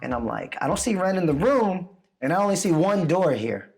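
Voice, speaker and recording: A man hosting a video, telling an excited story in casual chat and acting out the lines of the people in it. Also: high voice, a little fast, soft background music. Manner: excited storytelling, acts out quotes. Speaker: host.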